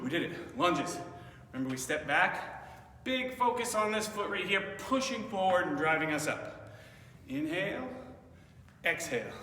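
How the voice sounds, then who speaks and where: A bright, high-voiced male fitness instructor calls out exercises with upbeat encouragement while slightly winded from moving along. His voice comes from across a large, reverberant gym, picked up at a distance with a faint hum of room noise. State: slightly out of breath. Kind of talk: guided workout instruction. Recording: echoey hall, voice from afar.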